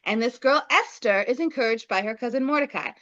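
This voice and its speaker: A woman's voice: fairly high pitch, lively intonation, fairly quick, sharp tone, lo-fi sound. Playful, slangy woman retelling a story. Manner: playful and slangy, acting out characters' lines. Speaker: podcast co-host.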